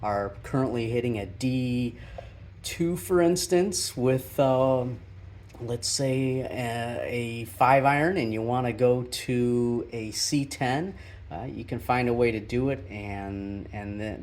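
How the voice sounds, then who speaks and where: A man showing around his backyard golf simulator shed in a casual, halting way, full of fillers and restarts. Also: mid-range voice, darkish tone. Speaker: golf vlogger. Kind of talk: casual home tour.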